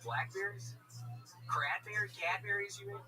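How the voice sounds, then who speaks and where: A man in casual, crude comedic banter, swearing often, giggling and talking in mock excitement. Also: sits high, normal speed. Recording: distant mic with loud music.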